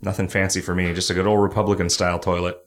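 A man co-hosting a podcast in casual chat, with dry, deadpan humor. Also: deep voice, rapid-fire. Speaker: podcast co-host. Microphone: studio mic.

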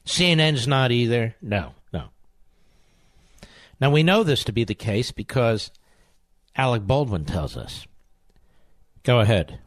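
A man's voice: medium pitch, expressive, unhurried, pauses often, no room sound, clean studio sound. A man hosting talk radio, delivering a combative monologue, mocking and sarcastic, hammering his insults through repetition. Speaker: radio talk show host. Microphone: studio microphone.

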